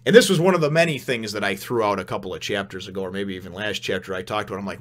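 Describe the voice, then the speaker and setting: Rambling, excitable male reviewer. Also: on the low side, quick pace. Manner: rambling and excitable, chuckles often, many restarts. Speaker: comic chapter reviewer. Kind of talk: casual spoken review.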